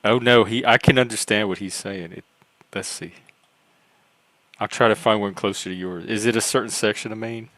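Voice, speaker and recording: A man's voice: on the low side, fairly even intonation, moderate pace, a bit bright, no echo. A man in casual chat who is curious and asks probing questions.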